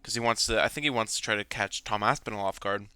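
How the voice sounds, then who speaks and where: A man's voice: lowish voice, fast talker, bright, forceful tone, clear, resonant tone, no room sound. A young man ranting angrily about fights, swearing and repeating himself. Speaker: MMA commentator. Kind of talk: ranting fan commentary.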